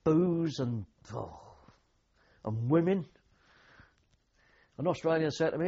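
Husky older Englishman telling war stories. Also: fairly high pitch, animated, slow, pauses often, dark tone, lo-fi sound. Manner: rambling anecdotal storytelling with acted quotes and dry humour. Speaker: war veteran interviewee. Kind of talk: oral history interview.

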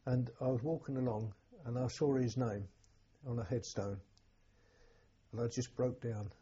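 Husky-voiced elderly man, halting. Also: medium pitch, steady tone, dark tone. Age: older. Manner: halting, repeats words, emotional. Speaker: war veteran interviewee. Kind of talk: personal recollection. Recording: dull lo-fi recording.

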